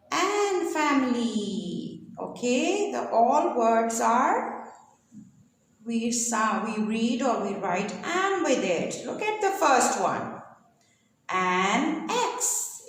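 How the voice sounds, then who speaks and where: A woman teaching a children's English lesson, spelling out and repeating simple words in a slow sing-song way. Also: a little high, a bit bright. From Pakistan. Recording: echoey room with long reverb.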